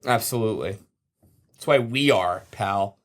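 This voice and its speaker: A lowish-voiced man from New Jersey, talking a little slowly, is one of the co-hosts on a casual comedy podcast. He jokes constantly, laughs a lot, and keeps things lively.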